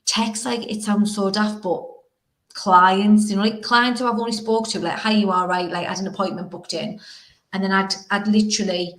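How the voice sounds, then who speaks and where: A woman's voice: mid-range voice, steady tone, normal speed. A young woman hosting a podcast, talking frankly and emotionally in a rambling, casual way. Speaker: podcast host. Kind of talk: casual conversation. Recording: roomy echo.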